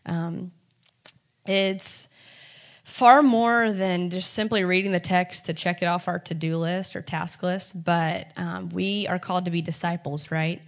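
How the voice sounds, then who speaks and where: A woman with a lowish voice leads a small group through a Bible meditation workshop. She talks casually and warmly encouraging, often pausing on ums and restarting her sentences. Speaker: Bible study teacher.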